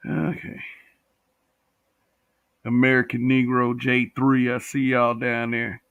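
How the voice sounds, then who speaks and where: A man's voice: medium pitch, completely flat delivery, takes it slowly, clean tone, no echo, phone-quality sound. A man hosting a livestream, talking bluntly with profanity and reading viewer comments. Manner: blunt, profane, talks back to chat.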